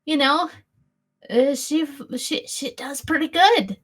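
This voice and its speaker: A woman's voice: high voice, slow. A young woman narrating a tabletop game as game master, rambling with fillers and restarts.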